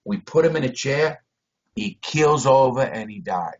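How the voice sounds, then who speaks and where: A blunt, foul-mouthed man talks over a video call in a mid-pitched voice. He swings between loud bursts and low mutters. The call audio is dull and lo-fi. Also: expressive, unhurried. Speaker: interview guest.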